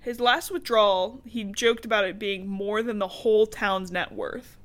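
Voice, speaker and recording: A woman's voice: mid-range voice, fairly even intonation, normal speed. A woman co-hosting a podcast, casually recapping a book in a loose, chatty way with plenty of swearing and laughter. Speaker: podcast co-host.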